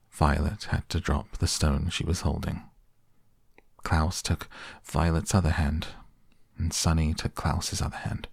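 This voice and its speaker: A man reading a children's novel aloud as audiobook narrator, in a measured storytelling manner. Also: extremely low pitch, gravelly, a little mellow, husky, no echo, studio quality. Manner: measured storytelling with quoted dialogue in near-own voice.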